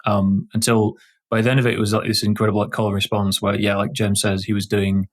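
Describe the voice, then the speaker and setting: A man's voice: on the low side, flat delivery. A man with a Yorkshire accent, a game developer guest in a casual podcast chat, thinking aloud and restarting his sentences often. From Yorkshire, England. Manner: thoughtful, halting with many restarts.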